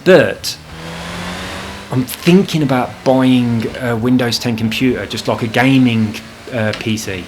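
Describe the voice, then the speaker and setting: A man's voice: medium pitch, measured pace, a little hiss or hum. Rambling man with frequent swearing. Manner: rambling, swears freely, frustrated. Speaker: gaming channel host. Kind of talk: casual chat over gameplay. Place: home apartment.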